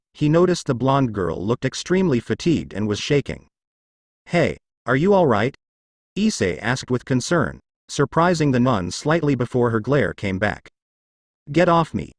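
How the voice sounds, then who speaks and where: A man's voice: medium pitch, no room sound, studio quality. A man reading a fanfiction story aloud as narration. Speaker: fanfic reader. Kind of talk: scripted narration.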